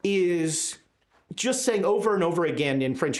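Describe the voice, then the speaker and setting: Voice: medium pitch, animated, moderate pace. A game master narrating a tabletop horror game, joking and stopping often to find words. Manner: hesitant, jokey narration.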